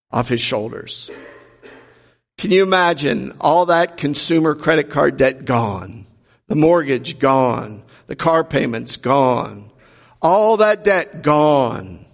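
Male pastor, gravelly voice with some fry, earnest storytelling sermon, ringing hall reverb. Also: fairly high pitch. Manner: earnest, storytelling with rhetorical questions. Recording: long reverb of a large hall.

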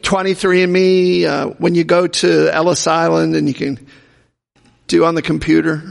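Man, pastor, gravelly voice, slow delivery, sermon in a reverberant church hall. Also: fairly high pitch, level tone. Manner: slow, repeats congregation answers aloud. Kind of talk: sermon with audience call-and-response.

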